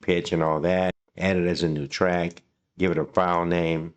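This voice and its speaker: A man hosting a software tutorial, talking casually and thinking aloud as he clicks through the program. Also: deep voice, flat delivery, normal speed. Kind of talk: screen-recording software walkthrough.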